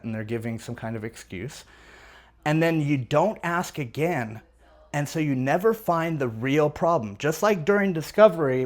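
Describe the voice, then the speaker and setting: A man coaching on sales technique in a conversational way, acting out both the buyer and the seller on sales calls. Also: mid-range voice.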